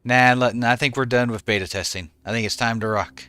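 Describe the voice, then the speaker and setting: Chatty streamer guy in his 40s, bright smooth voice, dry sound, reading chat names out. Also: mid-range voice, steady tone, brisk, dry recording. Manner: chatty, answers chat by name. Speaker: game streamer. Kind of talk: casual chat with stream viewers.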